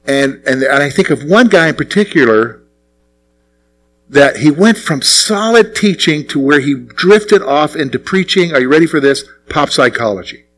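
Animated male preacher, slightly high voice. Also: normal speed, rough recording. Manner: animated preaching, asks the crowd questions and answers them himself; swings between raised, punchy lines and low, quiet asides. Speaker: pastor. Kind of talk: sermon.

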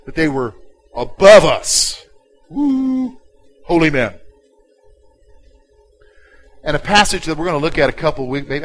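A male pastor delivering a sermon, dropping to a quiet intimate tone and then rising loud and emphatic. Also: medium pitch, low-quality recording. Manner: dynamic preaching, swinging from hushed to loud and emphatic.

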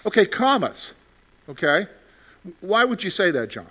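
A man teaches a Bible study class in an interactive discussion, putting questions to the group, repeating phrases and often checking in with "okay?". His voice sits high, with big pitch swings and a bright, forceful tone, and he speaks without hurry.

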